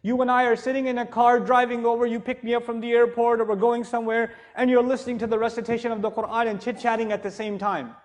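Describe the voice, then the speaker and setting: A man's voice: very high-pitched, little pitch movement, quick pace, few pauses. A middle-aged man giving a religious lecture to a live audience, conversational and joking, then rising into emphatic passages. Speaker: Islamic speaker.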